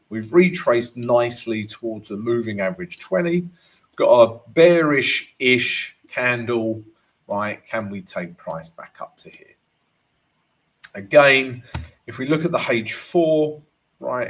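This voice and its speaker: A man hosting a live trading stream, walking through charts and greeting viewers by name. He keeps tagging his sentences with "right?" and "you know". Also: medium pitch. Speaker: forex trading analyst and host.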